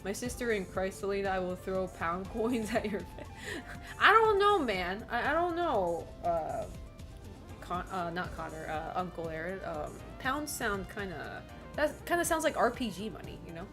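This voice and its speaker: A woman's voice: mid-range voice, lively intonation, moderate pace, over music. A young woman streaming from home, chatting casually with her viewers in a rambling, giggly way and swearing freely. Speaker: game streamer. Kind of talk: casual chat with live chat.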